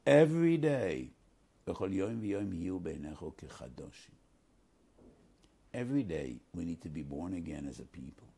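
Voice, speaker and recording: Rabbi, male, low husky voice with gravel, earnest Torah sermon, emphatic delivery. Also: warm tone. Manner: earnest, emphatic, mixes Hebrew quotes into English. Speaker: rabbi teaching the weekly Torah portion.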